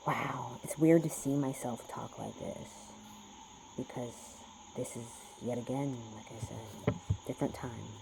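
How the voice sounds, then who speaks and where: A man's voice: mid-range voice, steady tone, measured pace, gravelly, darkish tone, a little hiss or hum, poor audio. A man rambling through a spiritual card reading, swearing often and lecturing his listeners. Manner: profane, preachy, talks to himself. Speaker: spiritual vlogger doing a reading.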